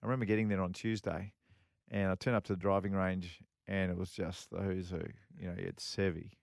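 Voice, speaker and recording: A man's voice: low voice, level tone, brisk, gravelly, no room sound, clean studio sound. A middle-aged man co-hosting a radio chat, telling long rambling stories full of repeats and fillers. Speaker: co-host and former pro golfer. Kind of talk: casual radio chat, storytelling.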